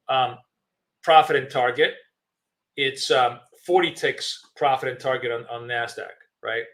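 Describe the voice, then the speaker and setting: A man's voice: mid-range voice, moderate pace, sharp tone. A man hosting a live trading stream, thinking aloud with many fillers and restarts while chewing gum.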